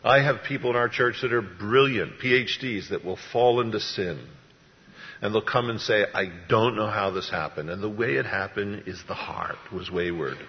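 A man's voice: on the low side, moderate pace. A man preaching a sermon as pastor, talking in a folksy, conversational way. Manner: conversational, folksy storytelling with acted-out voices. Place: church. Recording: dull, echoey church hall sound.

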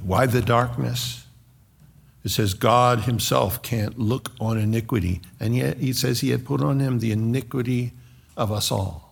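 A man preaching a sermon, slow and dramatic, rising to loud outbursts when quoting scripture. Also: mid-range voice, vocal fry, breathy edge.

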